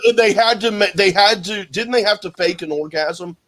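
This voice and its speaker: Guy podcast cohost, higher voice, blunt crude jokes. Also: moderate pace, a bit bright. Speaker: podcast co-host. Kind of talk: casual chat.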